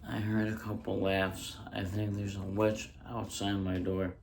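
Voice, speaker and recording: Casting: man, low monotone delivery, rambling deadpan stand-up at home, faint noise in the room. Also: unhurried, creaky. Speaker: stand-up comedian. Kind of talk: casual ASMR stand-up bit. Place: indoors at home. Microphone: handheld mic close up.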